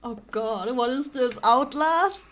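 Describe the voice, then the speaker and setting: A woman's voice: high-pitched, lively intonation, takes it slowly. A woman from Germany with a German accent, streaming a game with playful, giggly commentary and frequent swearing. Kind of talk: casual gaming commentary.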